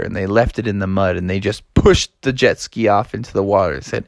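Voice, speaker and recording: A man's voice: lowish voice, normal speed, no room sound. A man narrating a read-along children's story in a casual, playful way.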